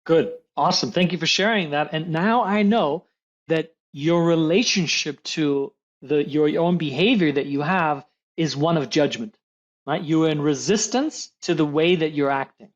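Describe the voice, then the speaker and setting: A man coaching a podcast host in conversation, animated and acting out little voices to make his points. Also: fairly high pitch, normal speed, lo-fi sound. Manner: animated, acts out voices of others in examples. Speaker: high-performance coach, podcast guest.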